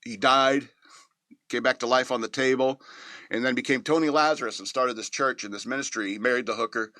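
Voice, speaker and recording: A man talks through a movie review in a loose, meandering way, stopping for ums and small chuckles. His voice is bright and forceful at a middling pitch. The sound is dry and close, with no room around it. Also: no room sound. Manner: rambling, with many fillers and chuckles. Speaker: podcast host reviewing a movie. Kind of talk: casual spoken movie review.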